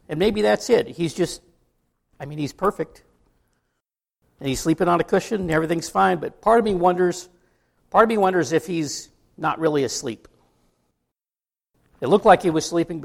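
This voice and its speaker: A man's voice: on the high side, gravelly. A middle-aged man from the United States preaching a sermon in a conversational way, with asides and rhetorical questions to the congregation. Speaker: pastor.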